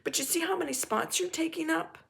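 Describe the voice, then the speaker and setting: A woman vlogger telling a casual story in a frank, animated and blunt way, now and then swearing. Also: extremely high pitch, a little fast, gravelly.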